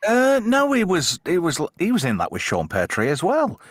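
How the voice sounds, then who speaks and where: A man's voice: sits high, wildly swooping pitch, normal speed, no room sound, clean studio sound. A man hosting a casual live-stream film chat, telling stories in a chatty, self-deprecating way.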